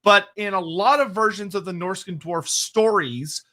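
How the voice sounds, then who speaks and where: With a high-pitched, sharp-toned voice at a moderate pace, a livestream co-host answers chat questions in long, rambling replies. He restarts frequently and laughs a lot.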